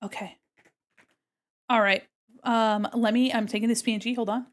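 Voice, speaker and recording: A woman with a fairly high voice chats to her stream while drawing. She is playful and talkative, with lots of little "hold on"s and teasing asides to her viewers. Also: steady tone, normal speed. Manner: chatty and playful, talks to chat while working. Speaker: art streamer.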